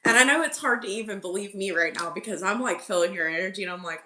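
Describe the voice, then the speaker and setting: A woman's voice: medium pitch, fast, bright, forceful tone. A woman giving a casual live tarot reading, chatty and full of "like", laughing often and repeating her messages insistently. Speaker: tarot reader and channeler on a live stream. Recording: roomy echo.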